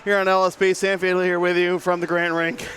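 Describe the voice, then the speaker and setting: Man, hockey play-by-play commentator, fairly high voice, energetic live calling, faint background hiss. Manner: quick, energetic play-by-play delivery. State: out of breath. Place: rink press box.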